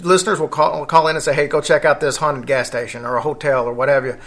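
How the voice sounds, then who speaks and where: A man's voice: a little high, steady tone, fast talker, a bit bright. A man hosting a casual podcast, rambling along with fillers and self-corrections. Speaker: podcast host.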